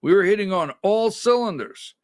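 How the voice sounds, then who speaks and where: Brief: male talk-show host, high voice, unhurried, sarcastic and emphatic, dry close sound. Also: lively intonation, no room sound. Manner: sarcastic, emphatic, directs a producer. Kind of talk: conservative political commentary.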